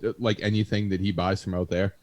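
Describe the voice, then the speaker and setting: A man's voice: low-pitched, flat delivery, fast, a little mellow, no echo. A man in casual banter on a live hobby show, telling a rambling story full of fillers and swearing. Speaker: co-host. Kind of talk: casual chat.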